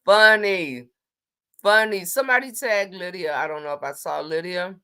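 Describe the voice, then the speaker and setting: Woman, livestream host, low voice, chatty and teasing. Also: normal speed, bright, forceful tone, smooth. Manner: chatty, teasing, greets viewers by name. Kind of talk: casual livestream chat.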